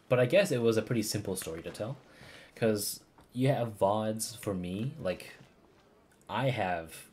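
A man streaming a game, chatting casually and cursing as he reacts. His voice is low but lively, rising and dipping a lot. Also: a little hiss or hum. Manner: casual, swears freely, laughs often. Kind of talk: casual gaming commentary.

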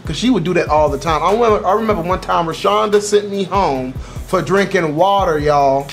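A young man telling a story about an old job in an animated, profane, exaggerated way for his vlog. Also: high-pitched, a little fast, faint music behind. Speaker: YouTuber.

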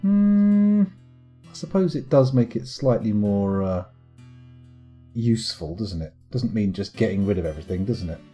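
Man, live game commentary, wry, muttering, animated intonation. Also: lowish voice, moderate pace, faint music behind. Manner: wry, muttering to himself while playing. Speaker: gaming streamer.

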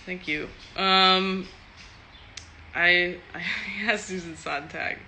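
A woman's voice: lowish voice, steady tone, takes it slowly, bright, forceful tone, a little hiss or hum. A woman from Texas, an actor, answering fan questions in a loose, chatty live stream, swearing freely and laughing often. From Texas, USA.

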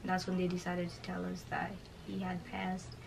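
A woman's voice: on the low side, completely flat delivery, normal speed, vocal fry, background noise. Young woman telling a personal story. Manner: conversational, many "like" fillers, quotes others. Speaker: vlogger telling her story. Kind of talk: casual storytime interview.

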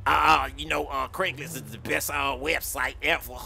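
A man's voice: on the high side, steady tone, normal speed, gravelly, bright, forceful tone, slight background noise, full character voice. A man voicing a laid-back, dim young rapper who drawls and hesitates with many uhs. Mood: sluggish.

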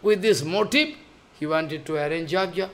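During a sermon, a native Bengali-speaking man who teaches religion recounts a scripture story, pausing, repeating himself, and making sure his audience keeps up. His voice is a little high.

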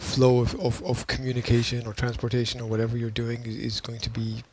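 Gravelly-voiced man rambling on a podcast. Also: medium pitch, completely flat delivery, a little fast, a little mellow, slight background noise. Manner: rambling, teasing, lots of restarts and laughs. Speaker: podcast co-host. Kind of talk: casual chat.

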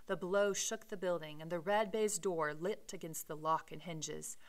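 A woman's voice: on the low side, pushed and bright, rough recording. A woman teacher reading a classic novel aloud and voicing its dialogue with dramatic emphasis. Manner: casual explanatory asides with fillers. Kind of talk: read-aloud with commentary.

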